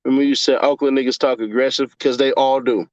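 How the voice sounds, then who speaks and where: A young man chatting casually on a livestream and reading his chat aloud, cursing, laughing often, and jumping from mumbling to yelling. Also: mid-range voice, steady tone, fast talker, no echo. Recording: dull lo-fi dry sound.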